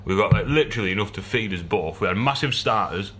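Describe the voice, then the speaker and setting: A man's voice: lowish voice, lively intonation, fast talker, a bit bright, a little hiss or hum. A man co-hosting a podcast, chatting cheekily, laughing and swearing casually. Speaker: podcast co-host. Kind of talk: casual chat.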